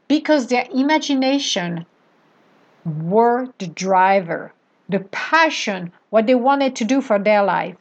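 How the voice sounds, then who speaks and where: A woman's voice: medium pitch, muffled recording. A woman giving a motivational talk, emphatic and repeating affirmations. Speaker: motivational speaker.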